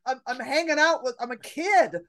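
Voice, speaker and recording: A woman's voice: high-pitched, normal speed, a little hiss or hum. A woman stand-up comedian telling stories in a casual chat, acting out her own panicked thoughts.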